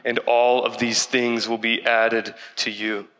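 A man's voice: mid-range voice, level tone, takes it slowly, a bit bright, in a large hall. A man preaching a sermon as a pastor, earnest and conversational, dropping casual slang as he talks to the congregation.

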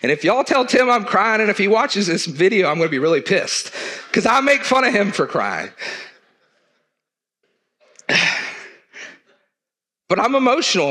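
Male church leader, middle-aged, higher pitch, earnest conversational sermon. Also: big pitch swings, normal speed, long pauses, fairly bright tone. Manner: earnest, conversational preaching with southern turns of phrase.

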